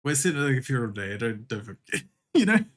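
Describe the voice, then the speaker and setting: Un joven con acento australiano charla mientras dibuja en directo. Su entonación sube y baja con mucha viveza, y piensa en voz alta entre risas y palabrotas sueltas. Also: male voice, mid-range voice, sing-song, fast, slight background noise. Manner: laughs often, swears casually, thinks aloud. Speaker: streamer. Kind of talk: casual chat while drawing.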